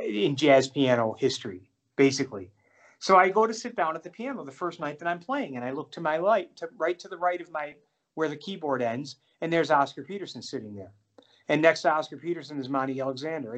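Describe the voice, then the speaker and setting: A middle-aged man, a jazz pianist, telling animated, self-deprecating stories in a casual interview. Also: on the high side. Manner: animated, self-deprecating anecdotes with many restarts.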